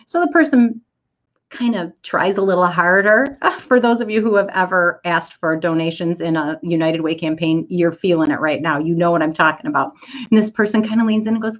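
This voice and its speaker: Middle-aged woman, low-ish voice, candid storyteller, dull lo-fi audio. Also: a little fast. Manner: candid, self-deprecating storyteller. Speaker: speaker to an online audience. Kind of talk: inspirational storytelling talk.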